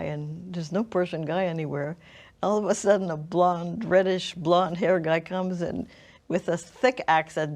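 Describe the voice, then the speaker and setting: Reflective, lower-voiced middle-aged woman. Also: a little mellow. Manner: thoughtful, halting, with frequent restarts and fillers. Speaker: interview guest. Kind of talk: reflective personal storytelling.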